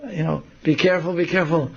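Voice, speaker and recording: A man's voice: fairly high pitch, fairly even intonation, fast talker, gravelly, dull audio, pitched above the performer's own voice. A man voicing a group of anxious young female companions, exclaiming and fretting. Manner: fretful, exclaiming.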